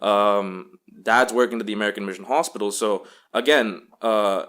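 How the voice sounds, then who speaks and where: A man's voice: fairly low pitch, moderate pace, a bit bright. A man from Bahrain, a guest on a podcast, chatting casually, laughing often and trailing off with fillers. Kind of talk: casual chat.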